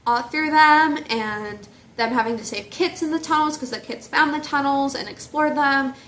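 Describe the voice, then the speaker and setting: A young woman casually retelling a book series, animated and jokey. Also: sits high, normal speed. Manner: animated, gushing, jokey storytelling. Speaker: book reviewer. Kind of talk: casual chat.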